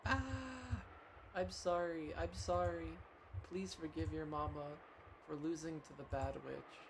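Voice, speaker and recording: A man's voice: fairly high pitch, normal speed, noisy background, close to an everyday voice. A man voicing an anguished young mother who begs her daughter's forgiveness in a tearful, pleading way.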